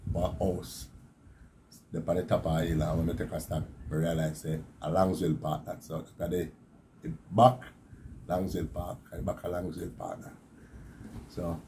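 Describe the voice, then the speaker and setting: A man's voice: sits low, dark tone, a little hiss or hum. A man in his fifties from Jamaica with a Jamaican Patois accent, animatedly telling his own survival story and repeating words for effect. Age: 50s. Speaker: interviewee.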